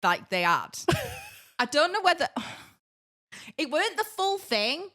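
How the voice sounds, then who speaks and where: A woman, co-hosting a podcast and telling a story in a casual, animated way, laughing through her words. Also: high-pitched, takes it slowly. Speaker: podcast co-host.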